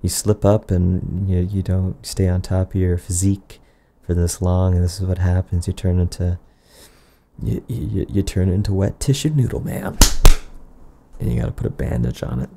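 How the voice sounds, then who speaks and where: A man delivering an improvised, absurd comedy monologue in a rambling, deadpan way, often trailing off and restarting. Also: sits low, normal speed, a little hiss or hum.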